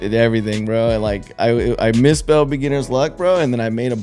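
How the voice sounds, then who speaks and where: A man's voice: mid-range voice, steady tone, fast, a little mellow, faint music behind. A young man hosting a podcast, telling stories in a loose, slangy, casual way with lots of fillers. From Texas. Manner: laid-back storytelling, lots of slang and fillers. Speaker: podcast host. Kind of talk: casual chat.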